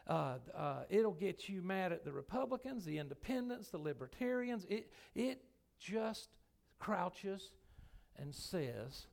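A man's voice: high voice, big pitch swings, takes it slowly, vocal fry, darkish tone. A man, a pastor, preaching a sermon in church in a folksy, emphatic way with many restarts. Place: church sanctuary.

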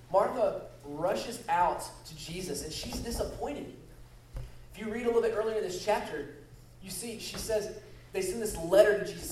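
A man's voice: high voice, moderate pace, a little mellow, a little hiss or hum. A man preaching as a guest speaker, leading a prayer and stressing key phrases by repeating them. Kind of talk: sermon. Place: church sanctuary. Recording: echoey hall, voice from a distance.

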